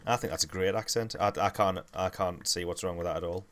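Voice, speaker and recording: A man's voice: deep voice, steady tone, fast, hardly any pauses, a bit bright. A man with a Geordie accent chatting casually and rambling through a gaming livestream. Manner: chatty, rambling, laid-back.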